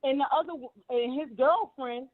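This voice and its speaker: A woman's voice: sits high, moderate pace. A woman giving heated, emphatic commentary, repeating herself and cursing freely. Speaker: guest commentator. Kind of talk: casual commentary. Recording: tinny phone line.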